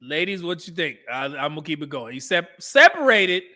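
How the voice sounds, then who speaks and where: A man's voice: a little high, sing-song, brisk, heavy background noise. A man hosting a casual live stream, reacting to old dating show clips, laughing often and reading out chat messages.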